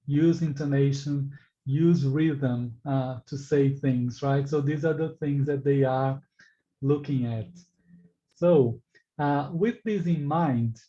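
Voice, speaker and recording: Man teacher articulating slowly and deliberately. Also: fairly high pitch, dark tone, lo-fi sound. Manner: engaging, asks the class questions and reacts to answers. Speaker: English exam teacher. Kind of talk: live online class.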